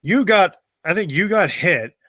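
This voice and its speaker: A man's voice: high voice, expressive, a little slow, sharp tone, dry recording. A young man hosting a podcast, telling funny stories in casual chat and laughing often. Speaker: podcast host.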